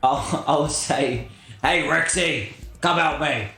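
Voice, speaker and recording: Playful laughing player, echoey room. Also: male voice, a little high, takes it slowly, gravelly, bright, forceful tone, faint music behind.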